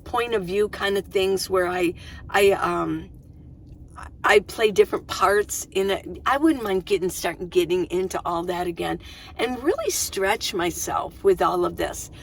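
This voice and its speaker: Middle aged woman rambling casually to camera in her minivan, keeps restarting sentences, bit of low hum behind. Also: lively intonation, measured pace, gravelly. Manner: chatty and rambling, with frequent restarts. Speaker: van-life vlogger.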